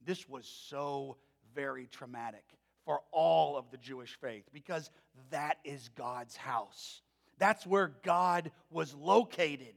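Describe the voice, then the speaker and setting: Gravelly preacher in a reverberant church. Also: male voice, a little high, expressive, slow pace. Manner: folksy storytelling, conversational. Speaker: pastor. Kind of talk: sermon. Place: church sanctuary.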